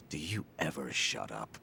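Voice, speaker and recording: An actor voicing a weary older ex-yakuza in a video game, speaking in a slow, terse, deadpan way with a gravelly, very deep voice. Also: male voice, a little hiss or hum, heavily acted. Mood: dry.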